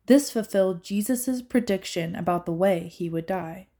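A woman reading scripture aloud in a medium-pitched voice. Her delivery is steady and clear. She keeps an even, narrating pace. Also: normal speed. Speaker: scripture reader.

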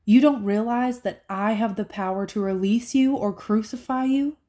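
A woman's voice: fairly high pitch, normal speed, mellow, close to an everyday voice. A woman reading as an uneasy Roman governor, pointed and questioning. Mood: pressing.

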